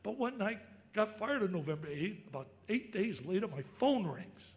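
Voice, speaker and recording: An older man telling stories in an excitable, emphatic speech, breaking into shouts. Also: high voice, moderate pace. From New Jersey. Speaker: sportscaster giving an induction speech. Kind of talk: storytelling speech.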